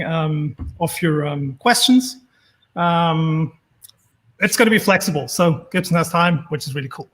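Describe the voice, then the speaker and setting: A man hosting a remote event, introducing the speaker with many pauses and fillers. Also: high-pitched, fairly bright tone. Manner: hesitant, many ums and uhs. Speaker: event host.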